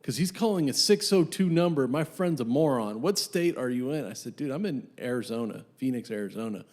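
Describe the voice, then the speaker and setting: A man's voice: mid-range voice, fairly quick, in a large hall. A man co-hosting a podcast, casually telling work stories and acting out the people in them. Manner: animated storyteller, acts out callers' voices. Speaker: podcast co-host.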